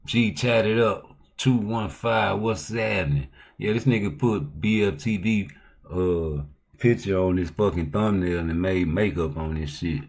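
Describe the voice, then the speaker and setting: A man with a low, deep voice hosts a casual livestream. He talks in loose, profane, slang-heavy banter and keeps pushing into heated, loud outbursts. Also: measured pace, creaky. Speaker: livestream host.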